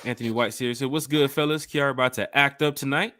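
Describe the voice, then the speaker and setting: Male podcast host, energetic shout-outs, dry close mic. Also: medium pitch, fast talker, dry recording. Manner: lively, hyped shout-outs. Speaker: podcast host reading live chat. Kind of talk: casual chat.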